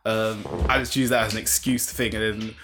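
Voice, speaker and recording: A man's voice: lowish voice, level tone, normal speed, background noise. A young man, telling a story in casual chat with laughs and slang.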